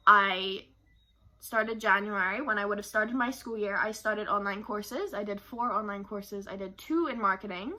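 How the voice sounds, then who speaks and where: A woman's voice: medium pitch, normal speed, pushed and bright. A young woman from Barbados, talking candidly to camera about her life in a rambling, emotional way. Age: young adult. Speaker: vlogger. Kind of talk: personal talk to camera.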